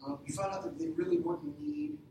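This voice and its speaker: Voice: high-pitched, very animated, fast. A pastor preaching a conversational sermon who retells a story, acting out short lines for its characters. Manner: conversational, retells stories with quoted voices. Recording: very echoey hall, distant mic, noisy.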